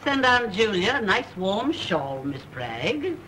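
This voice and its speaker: Snooty rich mom, bossy and dramatic, voice swooping all over. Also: female voice, medium pitch, big pitch swings, slow pace, a bit bright, rough recording. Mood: imperious. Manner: imperious, theatrical. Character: haughty rich society mother, easily exasperated. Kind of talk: 1930s film acting. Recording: old film soundtrack with faint hiss.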